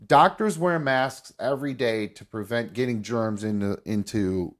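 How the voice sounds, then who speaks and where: A man hosting a casual talk show, rambling and swearing freely as he thinks out loud. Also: mid-range voice, measured pace. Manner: rambling, profane, restarts. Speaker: host. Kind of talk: casual chat.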